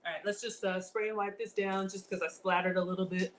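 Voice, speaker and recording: A woman's voice: mid-range voice, level tone, fast talker, slight background noise. A woman with a slight Southern drawl hosting a casual cooking live stream from her home kitchen, chatting with viewers and laughing often. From African born, grew up in the US South.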